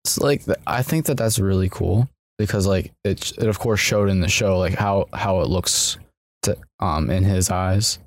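A man's voice: sits low, moderate pace, no echo, studio quality. A man on a podcast over a video call, rambling with many fillers and swear words. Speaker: podcast guest. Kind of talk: casual chat.

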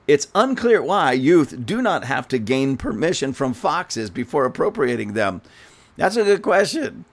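A man's voice: medium pitch, big pitch swings, moderate pace. A man giving an indignant, sarcastic political commentary rant, speaking scornfully to his audience.

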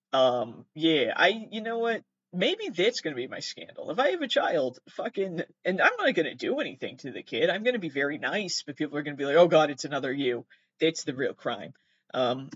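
On his own show, a male host chats casually about weird news, wandering off topic, swearing and poking fun at himself. His voice sits on the high side with a fairly bright tone. The recording is echo-free, with the top end cut off.

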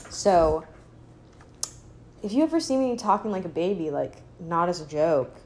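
In her podcast, a young woman riffs on her opinions in a casual, sardonic, rambling way, leaning hard on the word "like." She's animated yet slow, leaving long pauses, and she puts on a mocking high baby voice to quote others.

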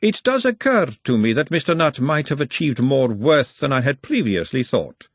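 A man's voice: medium pitch, very animated, moderate pace, no echo, pitched above the performer's own voice. A man voicing a refined, clever middle-aged woman who speaks in a precise, formal way, her voice set well above his own. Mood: cool, amused.

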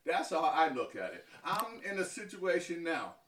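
A man from Harlem, New York, a deacon giving halting interview answers that often stumble and repeat words. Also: on the high side, very animated, fairly bright tone, a little hiss or hum. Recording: echoey, from far off.

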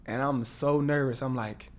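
Male guest, animated storyteller who acts out the people he quotes, mid-pitched voice. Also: normal speed. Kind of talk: storytelling interview.

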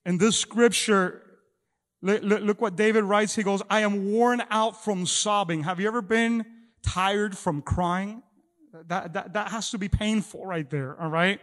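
High-voiced pastor preaching in echoey hall. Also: male voice. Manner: halting with many repeated words. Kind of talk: sermon. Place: church hall. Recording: long echo of a large hall.

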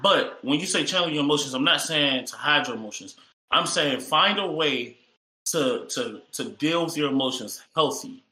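Upbeat joker co-host, bright tone, roomy echo. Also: male voice, fairly high pitch, expressive, moderate pace. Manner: joking, upbeat, profane. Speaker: podcast co-host. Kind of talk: casual chat.

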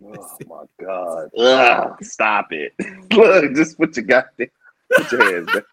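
A young man co-hosting a casual chat, laughing loudly and often squealing high when he cracks up. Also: huge pitch swings, takes it slowly, husky, no echo. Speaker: podcast co-host.

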